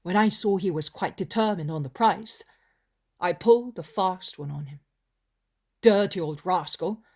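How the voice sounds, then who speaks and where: A woman narrating an audiobook of a religious novel in a slow, deliberate reading. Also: lowish voice, animated, a little mellow, slightly rough.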